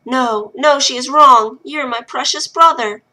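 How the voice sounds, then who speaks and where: A stubborn young girl who stands up to adults and fiercely protects her little brother, as a woman reading aloud voices her. She sounds emotional and defiant, with a bright tone. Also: fairly high pitch, expressive, moderate pace, exaggerated voice. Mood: tender.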